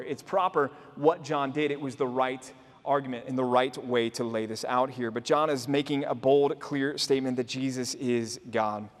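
A man's voice: mid-range voice, fairly even intonation, moderate pace. A man preaching a sermon as pastor, explaining earnestly and posing rhetorical questions to his listeners. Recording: long hall reverb.

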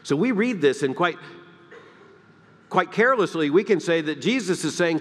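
A man from the Deep South, preaching a sermon, emphatic and swinging between loud peaks and hushed, quiet lines. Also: lively intonation, normal speed, pauses often, big-room sound. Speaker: pastor. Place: church sanctuary.

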